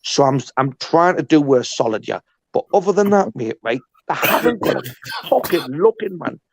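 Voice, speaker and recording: A man's voice: on the high side, very animated, moderate pace, vocal fry, a little hiss or hum. A man hosting a live stream panel, rambling and swearing a lot in casual banter. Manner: rambling, repetitive, heavy swearing. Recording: dull, dry lo-fi sound.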